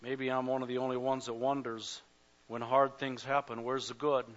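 A pastor preaching a sermon at a church service, passionate, swelling to loud cries and speaking straight to the congregation. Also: male voice, medium pitch, flat delivery, moderate pace. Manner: addresses the congregation directly. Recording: dull lo-fi recording.

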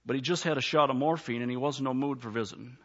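A man's voice: medium pitch, racing. A man, a pastor, preaching a sermon in a church, plainspoken and folksy, telling a story before a rising altar call. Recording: slightly dull lo-fi sound.

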